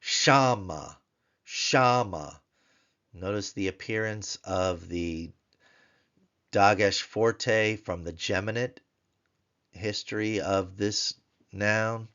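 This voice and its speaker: Man, very low voice, patient tutor, repeats words for drill, muffled lo-fi sound. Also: steady tone, slow, pauses often, fairly bright tone, smooth. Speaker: Biblical Hebrew tutor. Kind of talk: recorded grammar lesson.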